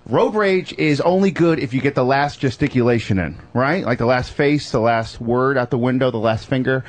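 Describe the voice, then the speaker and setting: A man performing a stand-up set. He grumbles through the set and bursts into shouted impressions. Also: medium pitch, normal speed. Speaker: stand-up comedian.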